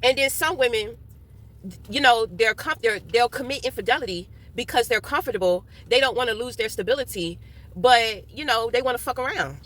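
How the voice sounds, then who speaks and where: A young woman speaks straight to her audience in a loose, unscripted monologue, swearing freely and breaking into laughter often. Her voice sits a little high and rings bright and sharp. Now and then she talks around a mouthful of food. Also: fairly quick. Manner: candid, profane, laughs often; talking while eating and drinking. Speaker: vlogger. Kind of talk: casual monologue.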